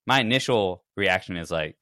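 In a clean studio recording with no room sound, a man with a low, bright, forceful voice speaks animatedly at a moderate pace. He is co-hosting a podcast, spinning a long, casual story and performing how he reacted.

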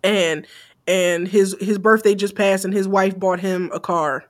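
A young woman co-hosting a podcast, talking in a blunt, animated, profane way, often laughing. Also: mid-range voice, measured pace. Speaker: podcast co-host. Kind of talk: casual chat.

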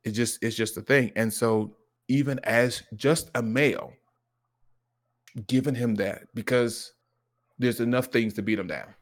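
A man's voice: medium pitch, a little slow, pauses often. A man co-hosting a podcast conversation who tells stories earnestly and acts out quoted lines. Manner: animated storytelling, acts out his son's lines; earnest and reflective. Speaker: podcast co-host. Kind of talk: casual conversation.

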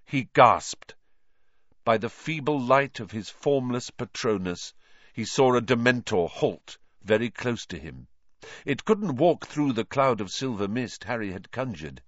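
A man reads a story aloud at an unhurried, dramatic pace. His voice rises and falls widely as he builds tension. The recording is dry and slightly dull, like a home lo-fi setup. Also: mid-range voice, no echo. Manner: slow, dramatic, expressive narration. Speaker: narrator. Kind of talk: storybook reading.

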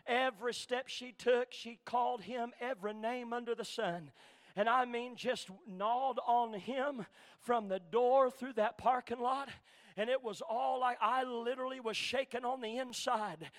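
A male pastor preaching a sermon, swinging from shouted climaxes to quiet storytelling and calling out church members by name. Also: extremely high pitch, measured pace. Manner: Southern preacher cadence, calls out congregation members by name.

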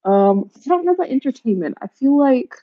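A woman's voice: sits high, sing-song, fairly quick. A young woman on a casual podcast, hesitant and stammering as she talks. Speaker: podcast guest. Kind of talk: casual chat. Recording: dull lo-fi mic.

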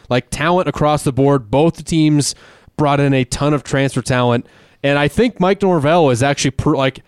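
A man hosting a casual sports betting podcast, talking in quick, rambling runs with many fillers. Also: fairly high pitch, clean tone, no echo. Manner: fast, rambling, full of fillers and restarts. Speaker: podcast host.

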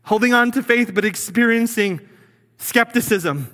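A man preaching a sermon as pastor, earnest, sometimes dropping low and quiet for emphasis. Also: unhurried, big-room sound.

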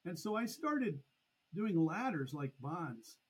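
A middle-aged man, a podcast guest, telling a long story in a lively conversational way. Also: sits high, takes it slowly, breathy edge, low-quality recording. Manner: animated, acts out past conversations. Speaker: podcast guest, annuity expert.

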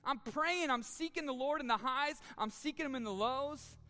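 A man's voice: very high voice, normal speed, pushed and bright. A man preaching a sermon as a pastor, telling a personal story in an earnest, candid way and repeating words when moved. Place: church auditorium, live audience. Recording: long reverb of a large hall.

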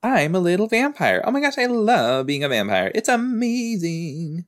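A man voicing a giddy, cheerful little male vampire who gushes about being a vampire, in a high squealy voice. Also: sing-song, moderate pace. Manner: gushing, squealy.

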